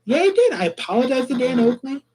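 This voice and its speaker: A man's voice: very high voice, very animated, quick pace, vocal fry, darkish tone. A man heard in a played clip, talking defensively and with exasperation, swearing as he goes.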